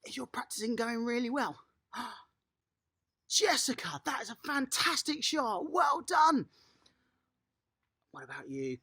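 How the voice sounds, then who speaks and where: A children's tennis coach, giving a lively, encouraging home lesson and praising the young players outdoors in a garden. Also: mid-range voice, takes it slowly, pauses often, slightly rough.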